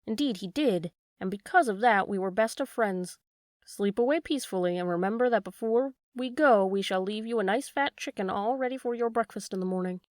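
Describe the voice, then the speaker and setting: Sweet-talking sneaky weasel, woman doing the voice, storybook read-aloud, medium pitch. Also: fairly quick, a little mellow, dry recording, clean studio sound, natural voice. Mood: coaxing. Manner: sweet, coaxing.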